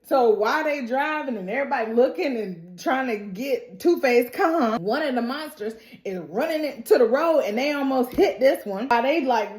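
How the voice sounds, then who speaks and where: A woman gives a lively, laughing recap in a fairly high voice that swings up and down a lot. She acts out every line she retells. The sound is roomy and echoey. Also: moderate pace, few pauses. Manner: animated, laughing, acts out quotes. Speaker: TV recap vlogger. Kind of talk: casual recap and reaction. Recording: roomy echo.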